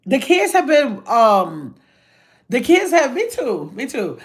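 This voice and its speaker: A woman's voice: sits high, very animated, takes it slowly, breathy edge. An older woman, chatting casually on a livestream from a hotel room, reading viewer comments and calling them y'all. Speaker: livestream host.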